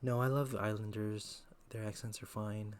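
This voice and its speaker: Young man from the Philippines, streamer, low-voiced, relaxed slangy chat on a headset. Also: moderate pace, clear, resonant tone. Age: 20s. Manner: laid-back, slangy, chatty. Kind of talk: casual live-stream chat.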